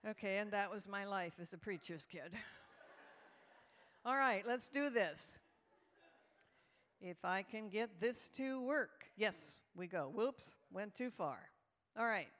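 A woman telling a humorous story to a live audience at a church event, animated and lively. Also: medium pitch, takes it slowly, long pauses. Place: large hall with live audience. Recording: reverberant hall.

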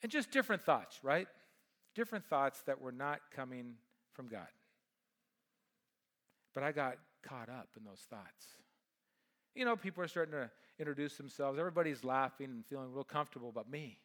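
A middle-aged pastor delivers a sermon, recounting a personal story with animated energy that moves between booming and quiet moments. His voice sits at a medium pitch and he speaks at an ordinary pace.

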